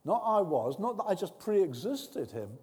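A man with a high voice preaches earnestly, his words ringing out with a long reverb in a large hall. He moves between hushed, close tones and loud, emphatic bursts. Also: sing-song, a little slow. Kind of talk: sermon.

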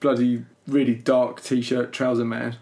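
A man's voice: medium pitch, little pitch movement, a little slow, dark tone. A man guesting on a comedy podcast, blunt and cheeky, swearing and laughing as he chats. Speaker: guest, co-host's younger brother. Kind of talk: casual comedic chat.

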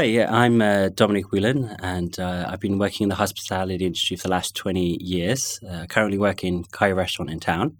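London accent guy with bits of connemara, lowish voice, kinda halting and thoughtful, dry sound. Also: no echo. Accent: London with touches of Connemara. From born in London, family from Galway. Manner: hesitant and thoughtful, many fillers and restarts. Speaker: guest sharing personal experience. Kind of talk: reflective personal account.

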